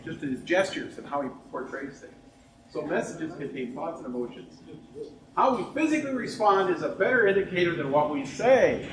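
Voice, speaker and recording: A man's voice: a little high, distant mic. A man co-leading a workshop, jokey and demonstrative as he banters with his co-presenter. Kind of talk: lunchtime workshop talk. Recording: echoey room with faint noise.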